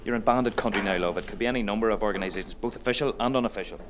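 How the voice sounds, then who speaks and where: An actor playing a wry rural man who teases a visiting woman in a film scene, with a dry, deadpan delivery. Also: fairly low pitch, very fast, slight background noise, close to an everyday voice. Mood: deadpan teasing.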